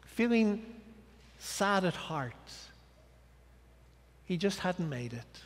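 High-voiced dramatic male preacher. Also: sing-song, very slow. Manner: dramatic storytelling, swinging from loud declarations to hushed asides. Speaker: guest preacher. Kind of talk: sermon. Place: church sanctuary. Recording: church hall reverb.

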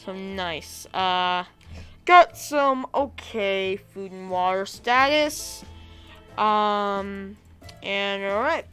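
A woman with a raspy, hoarse voice from being sick, giving chatty let's-play commentary, thinking aloud and bursting into excited cheers. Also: medium pitch, drawn-out words, faint music behind. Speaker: gaming video creator.

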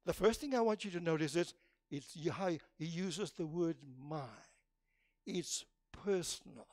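A male preacher delivering a sermon, swinging from loud, high bursts down to low, quiet asides. He often restarts his phrases mid-thought. The sound is dry and close, with little room echo. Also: measured pace. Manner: emphatic, animated, with frequent restarts. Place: church.

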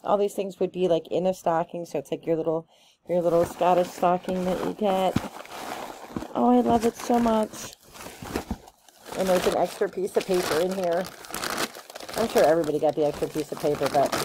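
A woman chatting casually through a gift box unboxing, gushing and excitable, with plenty of ums and likes. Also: lowish voice, background noise. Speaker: unboxing vlogger.

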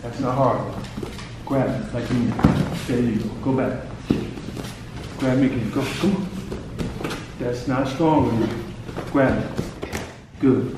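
A man coaching a boy in a hands-on faith session, urgent and encouraging, pushing him on with short commands. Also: mid-range voice. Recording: echoey room, distant mic, noisy.

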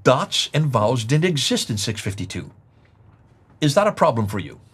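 A man's voice: medium pitch, big pitch swings, normal speed, fairly bright tone, breathy edge. A middle-aged man presenting a lecture-style discussion, emphatic, repeating key words and explaining with examples. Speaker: presenter teaching on manuscript history.

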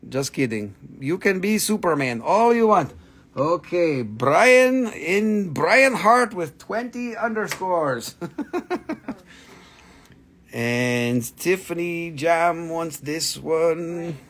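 High-voiced joking man selling crystals live. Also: animated, takes it slowly, a bit bright. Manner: joking, playful, breaks into silly voices. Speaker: live-stream crystal seller. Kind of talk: casual live sales stream.

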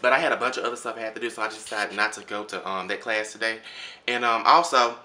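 A young man with a drawl talks to his handheld camera at home in a quick, bright, rather low voice. He rambles loosely, full of ums and false starts. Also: steady tone. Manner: rambling, many ums and restarts. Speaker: vlogger. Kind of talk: casual chat to camera. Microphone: handheld phone or camera at arm's length.

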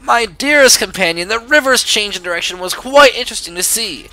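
A man's voice: sits high, animated, brisk, sharp tone, pitched above the performer's own voice, full character voice. A man reading the letters of a curious, wandering male traveler in a plain, slightly formal tone.

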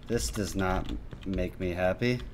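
A man doing gameplay commentary, excitable and self-mocking, breaking into sudden yelps and shouts. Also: low voice, measured pace, slight background noise. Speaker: gaming youtuber.

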